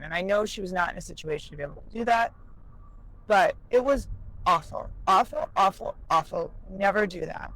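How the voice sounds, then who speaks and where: A woman's voice: medium pitch, no echo, rough recording. A woman talking candidly in a vlog, emotional and rambling, about her experiences as a new business owner.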